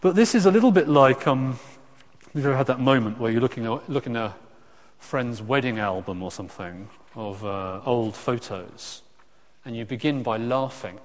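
A man preaching a sermon in a conversational way, with frequent restarts and lively asides. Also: medium pitch, normal speed. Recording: echoey hall reverb.

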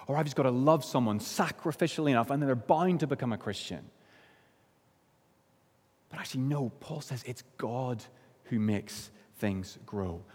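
Preacher from Northern Ireland in a hall. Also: male voice, a little mellow. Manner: earnest, slows and drops low on key phrases. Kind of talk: sermon. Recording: long hall reverb.

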